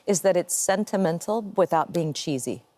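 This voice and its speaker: A woman in her fifties, an actress guest giving measured, reflective answers. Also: fairly low pitch, warm tone, dry recording.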